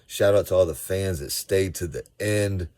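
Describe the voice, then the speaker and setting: A man from Georgia, giving a casual, animated fan recap of a football game. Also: deep voice, moderate pace, no room sound. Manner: animated, slangy, storytelling. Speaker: sports fan vlogger.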